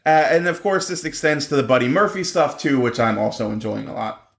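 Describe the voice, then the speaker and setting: A man co-hosting a casual wrestling chat show, animated and quick to break into excited exclamations. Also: creaky, echoey room. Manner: animated, jumps into high-pitched exclamations. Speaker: wrestling podcast co-host.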